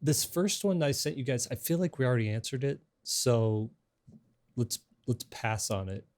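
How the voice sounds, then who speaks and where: A man's voice: medium pitch, animated, normal speed, darkish tone. A middle-aged man hosting a casual podcast chat, talking in a rambling, hesitant way with many restarts. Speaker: podcast host.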